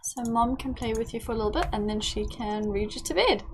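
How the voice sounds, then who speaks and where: A woman's voice: on the high side, a little fast, noisy background. A woman, chatting casually to her game characters as she plays. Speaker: let's play host. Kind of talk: casual gameplay commentary.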